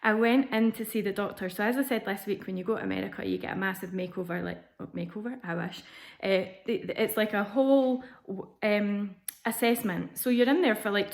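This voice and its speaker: A woman vlogging, telling a personal story in a candid, chatty way with frequent ums and restarts. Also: medium pitch. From Scotland.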